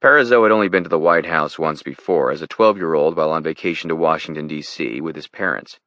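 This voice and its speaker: Male audiobook narrator, very low voice, steady and measured; dry, dull recording. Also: no echo. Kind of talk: scripted thriller narration.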